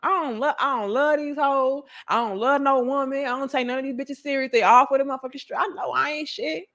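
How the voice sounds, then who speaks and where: A woman's voice: high-pitched, a little fast, fairly bright tone. A woman mimicking a crude careless man. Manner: crude, incredulous, profane.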